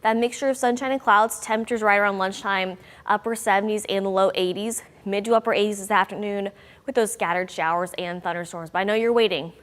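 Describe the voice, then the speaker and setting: A woman's voice: medium pitch, fairly even intonation, fast talker, a bit bright. Upbeat woman meteorologist, long reverb. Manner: upbeat, conversational, bouncy emphasis. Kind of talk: chatty weather forecast.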